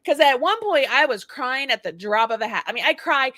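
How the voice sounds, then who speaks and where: Woman co-host, bright and sharp, dry close sound, lively storytelling, frequent laughs. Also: high voice, a little fast, dry recording. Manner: animated storyteller who laughs often. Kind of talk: casual chat on a live stream.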